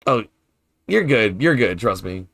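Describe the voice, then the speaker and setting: A man's voice: fairly low pitch, very animated, measured pace, creaky, a bit bright, dry recording. A man streaming a game and chatting casually with his viewers, puzzling aloud over pronunciations, hesitant and repeating his words, curious and playful. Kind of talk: casual chat with viewers while gaming.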